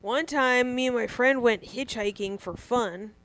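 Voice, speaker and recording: A woman co-hosting a comedy podcast, telling a long story in a loose, animated way, full of swearing. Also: on the high side, a little slow. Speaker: podcast co-host.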